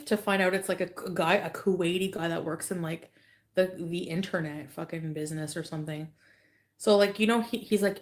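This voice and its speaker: Woman vlogger, lowish voice, cussing, acting out what some guy told her. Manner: swearing, retells others in a mocking voice. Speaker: vlogger in a clip. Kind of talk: casual vlog rant.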